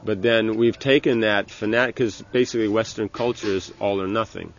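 A man giving an informal religious lecture as a spiritual teacher, talking in a halting way with many restarts and "you know". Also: on the low side, steady tone, lo-fi sound, a little hiss or hum.

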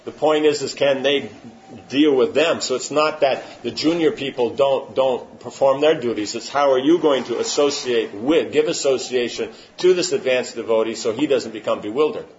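In a muffled, lo-fi recording with a little hiss or hum, a man of medium pitch talks at a moderate pace. He's a spiritual teacher leading an informal religious talk, emphatically fielding questions and repeatedly asking "you know what I'm saying?" to make sure people are with him.

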